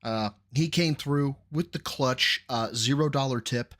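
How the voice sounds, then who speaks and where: A man of middling pitch hosts a relaxed reaction show. He thinks aloud while he watches, and he often stops and restarts his sentences. His tone is teasing. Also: unhurried. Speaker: host reacting to a stream. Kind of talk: casual reaction commentary.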